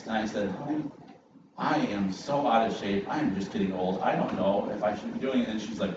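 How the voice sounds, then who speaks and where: Man preaching in a booming, echoey sanctuary. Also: fairly quick, background noise. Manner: animated, self-mocking storyteller. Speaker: guest preacher. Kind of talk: sermon opening with a personal story. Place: church sanctuary. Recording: distant, muffled, echoey church hall with ambience.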